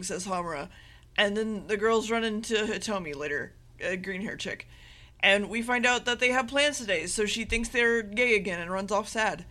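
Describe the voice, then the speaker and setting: A woman's voice: medium pitch, moderate pace, bright, forceful tone. A woman co-hosting a podcast, giving a rambling, casual anime recap with laughs and swearing. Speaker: podcast co-host.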